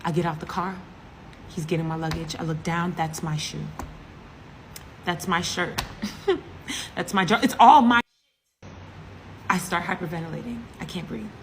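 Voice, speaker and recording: A woman from the US East Coast with a fairly low voice, telling a comic story with big drama and asides to the listeners. A faint noise sits under her voice. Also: normal speed, long pauses. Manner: animated, dramatic, with asides to the audience. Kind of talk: comedic story time.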